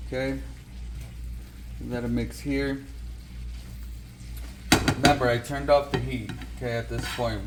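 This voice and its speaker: A cooking channel host, a man with a medium-pitched voice, chats casually through a home cooking video and keeps checking in with viewers by asking "okay?" again and again. There's noise in the background.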